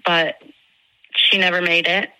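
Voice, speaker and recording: Bright, dry-voiced friend recounting events. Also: medium pitch, little pitch movement, a little slow, no room sound, poor audio. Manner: earnest, emotional retelling that acts out quoted dialogue. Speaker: friend of the victim. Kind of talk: personal recollection in an interview.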